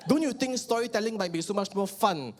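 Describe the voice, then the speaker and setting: A young Malaysian man with a Malaysian accent performing an animated stand-up comedy set on stage, shouting out punchlines. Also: high voice, fairly quick. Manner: animated, switches into mimicked relatives and bursts of shouting. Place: live comedy venue with audience.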